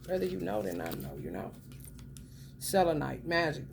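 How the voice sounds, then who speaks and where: A low-pitched woman talks through a spiritual reading in a blunt, profane, streetwise way. She draws some phrases out slowly and fires off others fast. A clear hum of background noise sits under her voice. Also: huge pitch swings. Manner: emphatic, swings between drawn-out and rapid phrases. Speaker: spiritual reader. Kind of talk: casual spiritual commentary.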